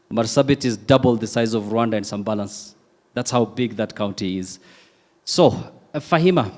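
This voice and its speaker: A man's voice: mid-range voice, a little mellow. Friendly male moderator from Kenya. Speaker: panel moderator. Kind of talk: moderating a panel.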